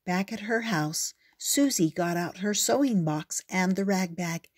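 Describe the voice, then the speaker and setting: An older woman reading a children's picture book aloud in a gentle, expressive storytelling voice. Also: on the low side, unhurried, breathy edge.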